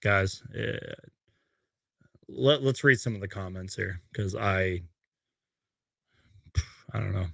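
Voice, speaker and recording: A young man hosting a post-game fan rant from his bedroom, emotional and halting, choked up as he reads tweets aloud to a webcam. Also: sits low, creaky, fairly bright tone, no room sound. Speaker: host. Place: bedroom at home.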